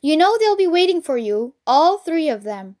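A woman playing a gentle mother fox from a storybook, high-voiced and warmly fussing. She sounds careful and a little worried. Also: very animated, normal speed. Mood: caring. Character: caring, cautious mother fox.

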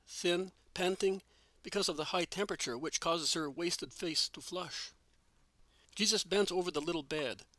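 A man reading a religious story aloud in a measured, even storytelling manner. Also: on the high side, dry recording. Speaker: reader. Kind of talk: scripted narration of a religious story.

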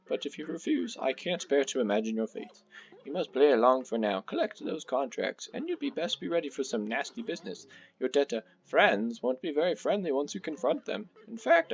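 A man's voice: medium pitch, sing-song, fairly quick, pitched above the performer's own voice. A man voicing a wise, kindly old male kettle who gives earnest, grandfatherly advice, in a slightly muffled recording.

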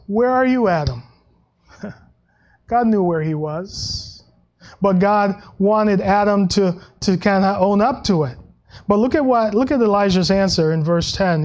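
A male pastor preaching a sermon in a conversational way, with frequent restarts and soft laughs, and dropping his voice when he quotes scripture. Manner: acts out Bible quotes in a lower voice.

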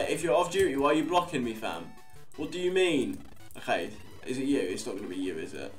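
A young man talks through his game in a loose, rambling way, with a middle-pitched voice. He chats and swears casually as he plays. Faint guitar music runs behind him. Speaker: Let's Play host. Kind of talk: casual gameplay commentary.

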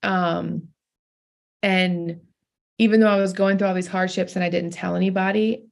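A woman's voice: on the low side, steady tone, moderate pace, vocal fry. A young adult woman, a pastor and podcast guest, telling a personal story in an earnest, heartfelt way. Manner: heartfelt, earnest, laughs through tears.

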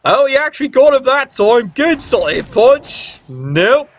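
A man's voice: very high-pitched, very animated, measured pace, highs cut off. A man giving casual, sarcastic play-by-play commentary on a video game match. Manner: cheeky, sarcastic banter.

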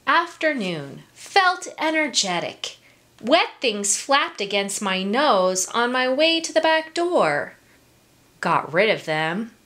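A woman reading a picture book aloud to children, in an expressive, sing-song way, pausing to ask her listeners questions. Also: medium pitch. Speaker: story time reader.

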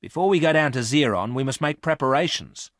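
A man's voice: a little high, expressive, fairly quick, fairly bright tone, no echo, clean studio sound, voice pushed up. A man reading aloud, voicing a scheming, greedy woman space traveller, cool and commanding.

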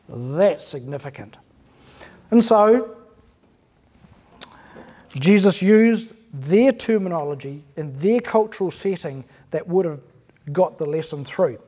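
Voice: mid-range voice, expressive, slow, pauses often, mellow, husky. A pastor preaching an earnest, emphatic sermon in church, asking the congregation rhetorical questions.

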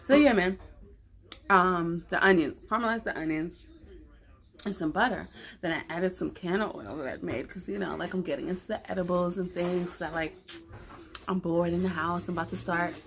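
A woman filming a casual mukbang at home, chatting to the camera held close to her face while she eats, relaxed and full of slang. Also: on the low side, normal speed. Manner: relaxed, slangy, giggly, talks while eating. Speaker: mukbang vlogger. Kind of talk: casual eating chat to camera. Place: at home, indoors.

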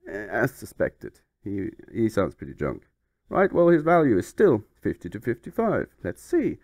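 A man's voice: on the low side, huge pitch swings, moderate pace, a little mellow, dry recording. A man hosting a comedic game playthrough, playful and mock-flustered as he rambles along. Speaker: YouTube gaming host.

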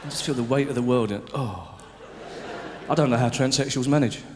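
A man doing live stand-up, swinging from loud mock outrage to low confiding murmurs. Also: fairly quick. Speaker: stand-up comedian. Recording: live hall recording with reverb and hiss.

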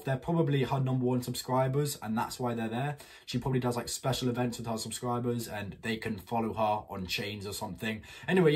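A man's voice: mid-range voice, darkish tone, slightly rough. A man giving blunt, opinionated commentary in a casual vlog and swearing freely. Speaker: commentary YouTuber.

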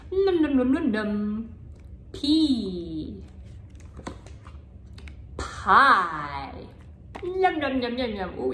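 Very slow playful woman speech therapist. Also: a little high, a bit bright, roomy sound. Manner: sing-song, playful, drawn-out sounds. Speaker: speech language pathologist. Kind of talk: slow, exaggerated word modeling for toddlers.

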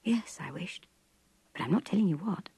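A woman voicing an indignant, passionate young wife in a storybook reading, with a very husky voice. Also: on the low side, lively intonation, moderate pace, mellow, no echo, full character voice. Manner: heated, reproachful.

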